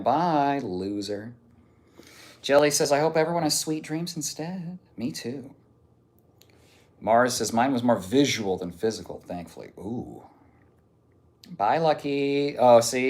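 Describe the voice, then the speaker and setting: A man's voice: mid-range voice, measured pace, pauses often, darkish tone. Joking male streamer reading chat. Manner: joking, off-hand, reads messages out one after another. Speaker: live streamer. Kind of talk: casual chat, reading viewer messages aloud.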